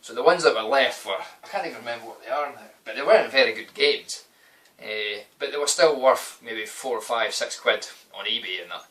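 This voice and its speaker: A young Scottish man rambles through a story with plenty of swearing and a loose, chatty delivery. His voice is bright and forward. He sits back from the microphone, so the sound is a little distant. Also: medium pitch, brisk. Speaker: vlogger. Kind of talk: casual storytelling to camera.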